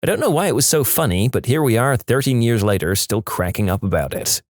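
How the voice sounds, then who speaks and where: A man reading reader-submitted funny stories aloud as a lively, animated scripted narration. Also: mid-range voice, a little fast, dry recording, clean studio sound. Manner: lively, animated storytelling delivery. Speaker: story narrator.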